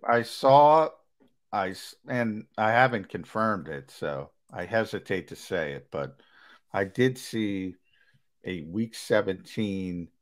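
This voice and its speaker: A man with a very low voice co-hosting a sports talk show. He talks conversationally and hedges a lot, then breaks into emphatic bursts when he gets going. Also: lively intonation, takes it slowly. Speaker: sports radio co-host.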